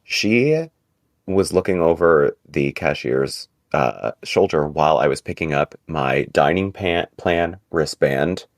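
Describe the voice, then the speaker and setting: A man co-hosting a casual podcast, telling stories in an animated, exasperated way. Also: slow, no room sound, studio quality. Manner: animated, exasperated storytelling with big pitch jumps. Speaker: podcast co-host.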